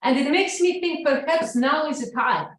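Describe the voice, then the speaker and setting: A woman's voice: sits high, moderate pace, fairly bright tone, a little hiss or hum. Earnest woman with a Russian accent. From Soviet Union. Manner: earnest, speaks with many "you know"s. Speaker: speaker at an event. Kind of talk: earnest public talk. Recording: very echoey room.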